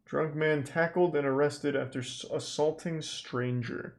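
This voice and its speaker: Gravelly-voiced man with dry commentary. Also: a little high, steady tone, unhurried. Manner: dry, sardonic remarks while watching videos. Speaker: streamer. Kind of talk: casual stream commentary.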